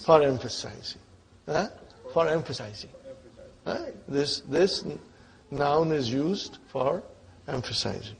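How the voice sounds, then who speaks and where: A man's voice: fairly high pitch, lively intonation, creaky. A man teaching an Arabic grammar lesson, quizzing his students and checking often whether they are following along. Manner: patient, repeats terms slowly.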